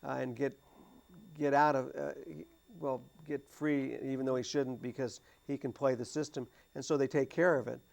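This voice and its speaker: A man talking casually about a movie on a studio discussion show, halting and full of restarts. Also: mid-range voice, level tone, gravelly, a little mellow. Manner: halting, many restarts and fillers. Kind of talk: casual chat about a film. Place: cable TV studio.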